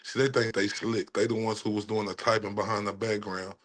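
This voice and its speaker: A man from Texas hosting a livestream, mocking a caller and talking straight to his chat, swinging between loud outbursts and low asides. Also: level tone, a little fast, rough recording. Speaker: livestream host. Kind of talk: livestream commentary on a replayed call.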